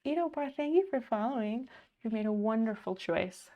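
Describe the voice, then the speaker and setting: A woman's voice: a little high, animated, normal speed, dark tone, muffled recording. A woman livestreamer chatting casually at home, thanking viewers by name while sewing.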